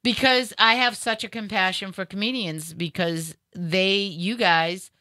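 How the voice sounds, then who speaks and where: A woman's voice: mid-range voice, fairly even intonation, a little slow, sharp tone, dry recording. A woman with a Boston accent, a radio host, chatting effusively and stammering over repeated words. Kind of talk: casual chat.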